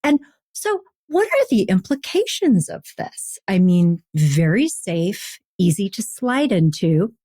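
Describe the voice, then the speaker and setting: A woman's voice: mid-range voice, very animated, slow, hardly any pauses, mellow, no room sound, studio quality. A woman podcast host interviewing a guest in an engaged, affirming way. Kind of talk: conversational interview.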